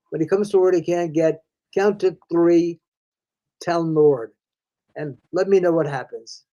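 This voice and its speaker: Speaking as a reading specialist, the older man keeps it folksy and conversational, addresses the listener as "friend," and often starts sentences over. The recording is low quality, and his slightly high voice has a dark tone.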